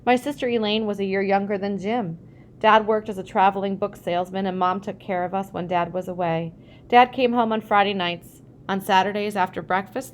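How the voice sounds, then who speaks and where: A woman reads a childhood memoir aloud in a mid-range voice. She gets expressive when she voices the family's dialogue. Faint noise sits under the recording. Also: mid-range voice. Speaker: reader.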